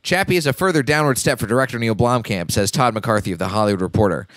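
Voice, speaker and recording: A man's voice: medium pitch, fast, a bit bright, dry recording. A man hosting a film podcast, chatting casually with dry jokes. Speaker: podcast host.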